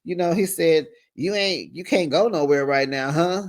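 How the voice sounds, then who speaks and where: A woman's voice: low-pitched, normal speed. Sassy woman recapping, full of laughs. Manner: animated, sassy, laughs often, acts out the people she quotes. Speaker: recap host. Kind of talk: casual reality-TV recap, acting out the scenes.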